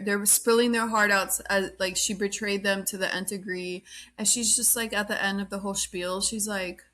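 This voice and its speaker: A woman talking loosely as the host of her own podcast. She is blunt and opinionated and fills her talk with "like." Her voice sits at an ordinary, middle pitch. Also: pushed and bright. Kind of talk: casual reality TV recap.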